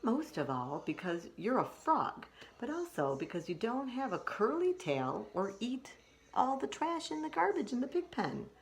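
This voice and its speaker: A calm, firm father frog patiently lists his reasons, his voice rising and dipping, as a woman puts him on. He is matter-of-fact and a little teasing. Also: on the high side, unhurried, creaky, voice pushed up, heavily acted. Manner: firm, explaining, gently teasing.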